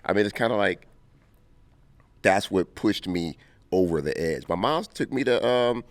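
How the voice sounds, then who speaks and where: A man in his fifties from Compton, telling stories as an interview guest, animated and quick to laugh. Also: sits low, no echo. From Compton, California. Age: 50s. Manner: animated, laughing storyteller who acts out scenes. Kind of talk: casual interview storytelling.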